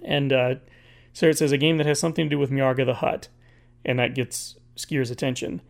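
A man casually recapping a comic book issue, reading its dialogue aloud in a halting way with many fillers and restarts. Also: medium pitch, fairly even intonation, creaky.

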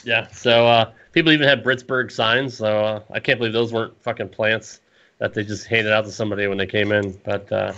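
A man's voice: lowish voice, fairly even intonation, a little fast, sharp tone, dull audio. A man co-hosting a casual wrestling podcast, profane and rambling, laughing often. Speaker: podcast co-host.

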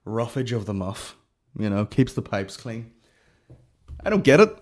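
A young man hosting a comedy podcast, telling a story in a profane, animated rant full of fillers. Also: fairly low pitch, a little slow.

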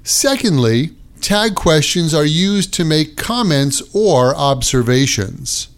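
A man teaching an English grammar lesson on his podcast, with a clear and deliberate delivery. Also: fairly high pitch, lively intonation.

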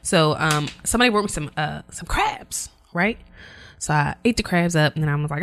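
A woman co-hosting a podcast in casual chat, explaining things at length with many fillers and laughing loudly. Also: sits low, moderate pace. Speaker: podcast co-host.

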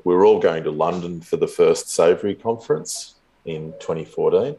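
A man's voice: low voice, expressive, moderate pace, gravelly, mellow. A man in his fifties telling a long story in a casual, rambling way, chuckling often as a guest in an interview. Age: 50s.

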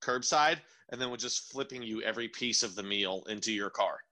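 A man's voice: fairly low pitch, a little fast, pushed and bright. A man in casual chat, ranting bluntly and swearing.

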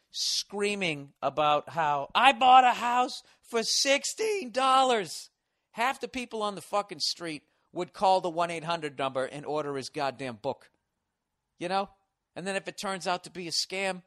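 A man's voice: high voice, a bit bright. Profane ranting man in his forties. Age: 40s. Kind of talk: comedic rant.

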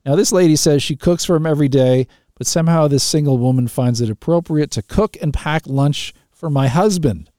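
A male radio host talking through a listener's dilemma, in a mellow, relaxed voice recorded dry and close in the studio. He is chatty and laughs easily, often restarting his sentences. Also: on the high side, brisk, hardly any pauses, dry recording. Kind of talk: call-in radio talk.

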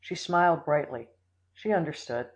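Steady audiobook narrator, mid pitch. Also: normal speed, low-quality recording. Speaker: audiobook reader. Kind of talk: scripted narration.

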